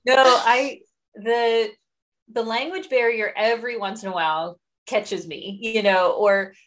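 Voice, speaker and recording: A woman hosting a casual interview with a fellow teacher, relaxed and conversational as she asks open questions. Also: a little high, a little slow.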